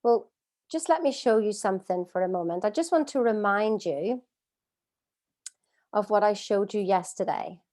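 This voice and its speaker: A middle-aged woman leading a live online coaching masterclass from home, earnest and expressive, asking her audience many rhetorical questions. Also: mid-range voice, normal speed, long pauses. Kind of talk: live-streamed coaching talk. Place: at home, streaming by video call.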